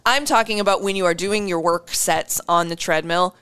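A woman co-hosting a casual fitness chat, blunt and animated, swearing freely as she gives coaching advice. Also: fairly low pitch, normal speed, smooth.

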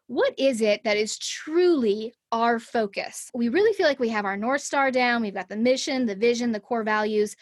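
A woman's voice: a little high, husky, no echo, studio quality. A middle-aged woman, a podcast guest, telling a personal story in a conversational interview and acting out her own thoughts.

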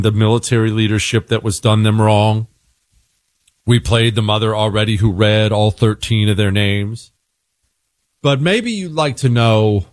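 A man's voice: mid-range voice, dry recording, studio quality. Conversational male talk radio host. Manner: conversational, breaks off and corrects himself.

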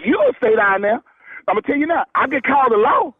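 Excitable man on a tinny phone line. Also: extremely high pitch, quick pace, breathy edge. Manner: excitable, loud, repeating himself. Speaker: prank call target. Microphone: telephone.

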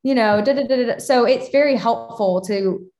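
A woman hosts an interview and talks casually about her own parenting, sounding chatty and personal with many fillers. She is a podcast host and parent, and her voice is on the high side, a little mellow, at normal speed.

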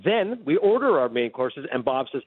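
A man's voice: medium pitch, breathy edge. A man telling a long anecdote as a radio guest, acting out the lines of everyone in the story. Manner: animated, fast anecdote telling with acted-out dialogue. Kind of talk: casual storytelling chat. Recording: dry phone-line sound.

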